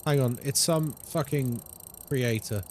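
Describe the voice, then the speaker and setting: A man streaming live and chatting casually with viewers, animated and swearing freely. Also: medium pitch, takes it slowly, slight background noise. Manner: animated, swears freely, drops into mock voices.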